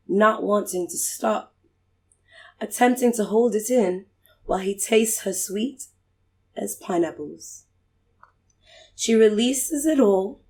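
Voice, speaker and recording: A woman reading a sensual poem aloud in a put-on British accent, slow and hushed. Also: mid-range voice. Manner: slow, hushed, drawn-out delivery. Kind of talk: poetry reading.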